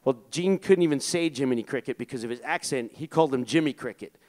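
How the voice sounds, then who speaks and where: A man's voice: medium pitch, fast, darkish tone. A man casually telling a long personal story as an interview guest, rambling with lots of fillers and swearing. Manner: profane, rambling, filler-heavy.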